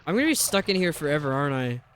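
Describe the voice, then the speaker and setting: Chatty male game streamer, voice slightly high. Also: sing-song, very fast, a bit bright, slight background noise. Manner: rambling, chats to viewers while puzzling over the game. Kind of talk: casual live-stream chat while gaming.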